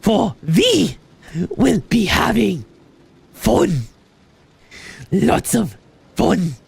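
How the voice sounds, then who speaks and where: A woman hams up a heavy, stereotypical German accent, becoming a theatrical hype host who rallies her audience with slow, drawn-out words. The voice sits lower and stays wide-ranging and animated, as if on a game stream. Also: vocal fry, husky, heavily acted. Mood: hammy hype. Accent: put-on stereotypical German. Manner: slow, over-pronounced, theatrical.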